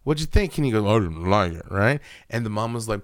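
A man's voice: on the low side, expressive, fairly quick, clean tone, no echo, studio quality. A man co-hosting a podcast, telling stories in casual chat, swearing freely and acting out the voices of the people in them. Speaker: podcast co-host.

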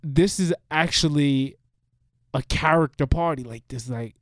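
A man's voice: fairly high pitch, unhurried, no echo, clean studio sound. A man co-hosting a casual podcast, telling loose, profane stories and acting out what people said. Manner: profane, loose storytelling, acts out quotes. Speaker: podcast co-host.

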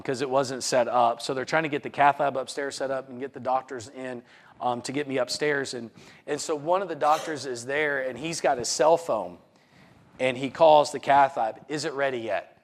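A man, likely a pastor, earnestly retelling a personal testimony, often repeating words and restarting sentences. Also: medium pitch. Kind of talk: personal testimony told to a congregation.

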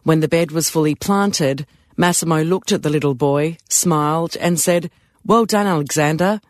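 A man narrating a story in a calm, measured way. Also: fairly high pitch, no room sound, clean studio sound.

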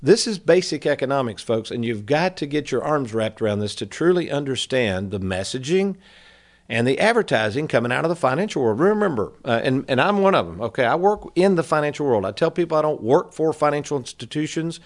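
A man's voice: medium pitch, animated, brisk. A man in his fifties hosting a financial advice radio show, talking in a folksy, conversational way and calling listeners "folks.". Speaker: financial advisor radio host. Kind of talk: casual radio talk.

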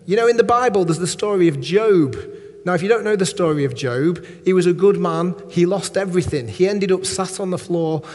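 Male preacher, fairly high voice, chatty sermon delivery with quick asides, long echo of a church hall. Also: darkish tone. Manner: conversational, rhetorical check-ins and humorous asides.

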